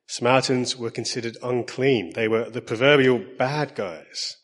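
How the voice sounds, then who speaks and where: A man with an Essex accent preaching a sermon in a husky, mid-pitched voice. He speaks in a measured, earnest way and slows down on the points he wants to stress.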